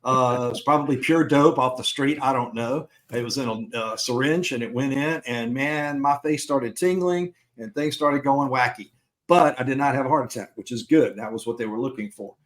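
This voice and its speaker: A middle-aged man at a mid-range pitch, spinning a personal story on a podcast. He talks casually and chattily, acting out what each person in the story says. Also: moderate pace. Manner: chatty anecdote-teller who acts out dialogue. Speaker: podcast co-host.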